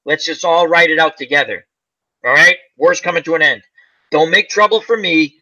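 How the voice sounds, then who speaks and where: Bright-voiced man retelling a movie. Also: a little high, normal speed. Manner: rambling, acts out movie lines in quotes. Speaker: channel host. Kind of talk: casual chat retelling a movie. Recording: dull lo-fi sound.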